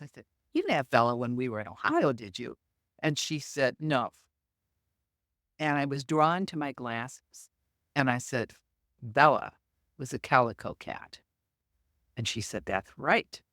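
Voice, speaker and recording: In a clean studio recording with no room sound, a middle-aged woman speaks in a rumbling low voice. She is a medium and podcast guest telling interview anecdotes, animatedly acting out what people said.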